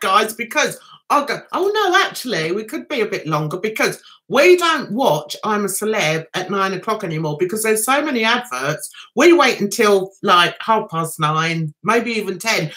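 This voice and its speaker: A woman hosting a casual livestream, telling stories in a chatty, animated way. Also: fairly high pitch. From United Kingdom. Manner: chatty, animated storytelling with mimicked voices. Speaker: livestream host.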